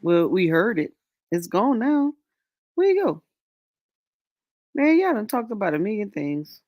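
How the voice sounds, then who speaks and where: A woman in a casual chat, quick and teasing. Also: mid-range voice, sing-song, warm tone, dry recording.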